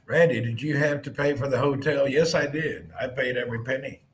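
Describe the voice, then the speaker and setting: A man's voice: mid-range voice, fairly even intonation, a little fast, a little hiss or hum. A man hosting a casual live stream, joking and teasing his guests.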